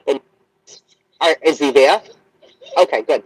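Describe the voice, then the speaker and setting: A man talking casually in a replayed clip, chatty, at times calling loudly after a dog. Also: mid-range voice, slow pace, long pauses, no room sound, rough recording. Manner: chatty, calls out to a dog in bursts. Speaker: person in a played clip. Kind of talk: casual talk.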